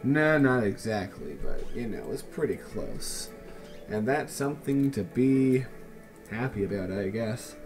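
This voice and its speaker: A man's voice: mid-range voice, expressive, a little slow, music in the background. A man casually commenting on his city-building game in a wry, sarcastic, musing way. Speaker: let's play host.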